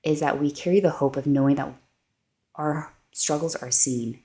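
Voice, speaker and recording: A woman's voice: low-pitched, fairly even intonation, moderate pace, warm tone. A woman co-hosting a faith-based podcast, telling personal stories in an earnest, heartfelt way. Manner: earnest, heartfelt, storytelling with many likes. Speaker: podcast co-host. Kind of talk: faith-based casual chat.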